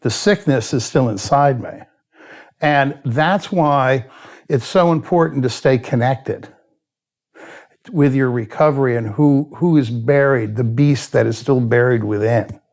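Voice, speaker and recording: A man's voice: medium pitch, measured pace, a little mellow. A man, a guest in an interview who tells his story candidly, bluntly and with a lot of swearing, and sometimes laughs at himself. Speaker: addiction expert guest.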